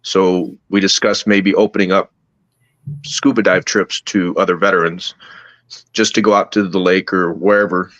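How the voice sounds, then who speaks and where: Man, very deep voice, dull dry sound, halting casual storytelling. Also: flat delivery, a bit bright, dry recording. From United States. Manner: slow, halting, with many restarts. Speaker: podcast guest.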